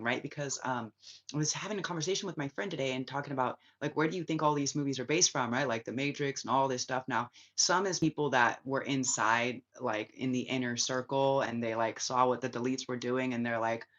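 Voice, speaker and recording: A woman's voice: a bass voice, fairly bright tone, highs cut off. A woman in a spiritual reading vlog, talking loosely with lots of fillers, restarts and swearing. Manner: loose, profane, filler-heavy, with many restarts. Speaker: spiritual channeler and reader. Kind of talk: rambling casual livestream chat.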